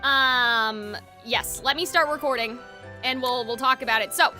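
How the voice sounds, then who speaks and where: A woman's voice: a little high, measured pace, sharp tone, soft background music. A young woman streaming a game live, chatting casually with her viewers, giggling and using plenty of fillers.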